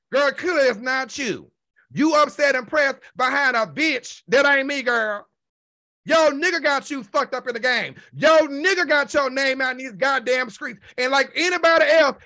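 High-pitched sassy man ranting. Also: bright, forceful tone. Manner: sassy, insulting, heavy swearing. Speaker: online show host. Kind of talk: profane livestream rant.

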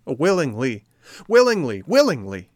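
A man voicing an impulsive wooden puppet boy, excited and pleading in a storybook reading. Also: lowish voice, moderate pace, no room sound, clean studio sound, lightly acted. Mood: eager.

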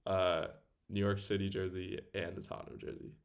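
A young man co-hosting a casual sports podcast, easygoing and quick to laugh. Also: deep voice, level tone, slight background noise. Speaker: podcast co-host. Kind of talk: casual chat.

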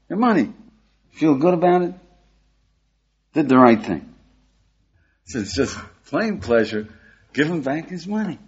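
An older American man, a rabbi, giving a lively class and checking in with his listeners with a steady "yeah?". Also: medium pitch, slightly rough. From United States. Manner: animated, questioning the audience, frequent "yeah?". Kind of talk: lively Torah class lecture. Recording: dull lo-fi lecture recording.

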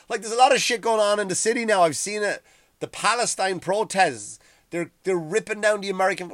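A middle-aged man with an Irish accent, hosting a profane, heated ranting monologue that grows loud and high when he gets worked up. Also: dry recording, clean studio sound. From Ireland. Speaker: podcast host.

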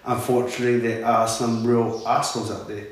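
A man's voice: mid-range voice, little pitch movement, brisk. A man hosting a casual chat, laid-back, asking probing questions. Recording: echoey room with faint noise.

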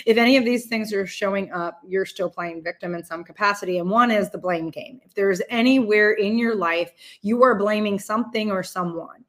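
A middle-aged woman hosting a casual motivational talk for live viewers, speaking candidly, swearing freely and restarting her sentences often. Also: mid-range voice. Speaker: host.

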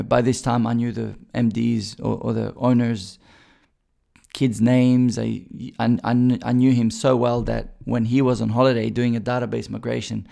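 A man's voice: mid-range voice, creaky, dark tone. A man from Bosnia, telling his career story as a recruiter in a chatty way with many fillers and restarts. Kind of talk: casual storytelling.

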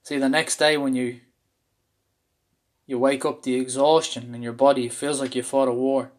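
A man's voice: medium pitch, little pitch movement, normal speed. Candid man telling a raw personal story. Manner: candid, intense, swears freely. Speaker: speaker sharing a personal story.

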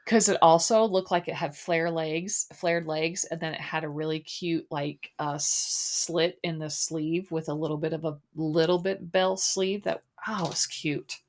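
A woman's voice: low-pitched, fairly even intonation, moderate pace, few pauses. A woman hosting a podcast, chatting casually and rambling with lots of fillers. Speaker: podcast host. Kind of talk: casual chat recapping a reality show.

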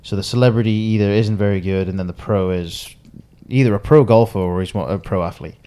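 Young male podcast co-host, lowish voice, rambling and giggly storyteller. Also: brisk, warm tone, smooth. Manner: rambling, laughs often, acts out quotes. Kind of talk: casual storytelling chat.

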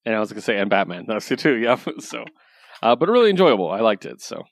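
A man co-hosting a comics podcast, talking in a relaxed, hedging way full of likes and ums. His voice is on the low side. The recording is dry and close. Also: quick pace, creaky, no echo. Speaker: podcast co-host. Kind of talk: casual comic book chat.

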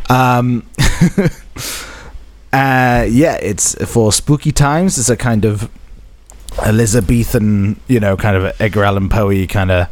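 A man's voice: medium pitch, a little mellow. A man hosting a tabletop role-playing podcast as game master, chatty and joking, laughing often. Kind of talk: casual tabletop podcast chat.

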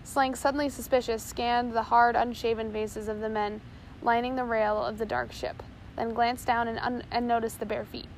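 A woman's voice: a little high, normal speed, slight background noise, poor audio. Woman reading an adventure story aloud. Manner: steady, occasional slips and restarts. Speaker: narrator.

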